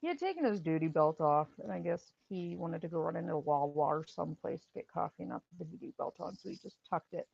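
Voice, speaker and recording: A woman's voice: deep voice, expressive, quick pace, vocal fry, hardly any pauses, a little mellow, husky, no room sound, muffled recording. A woman hosting a livestream, a former EMT telling blunt, wry stories from the job and laughing at them. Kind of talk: casual livestream storytelling.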